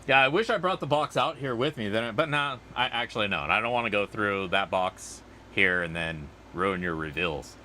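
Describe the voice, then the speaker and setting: A man's voice: on the low side, normal speed, hardly any pauses, sharp tone, slight background noise. A man hosting a casual livestream outdoors, rambling and chatty as he answers viewer comments. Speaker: livestream host.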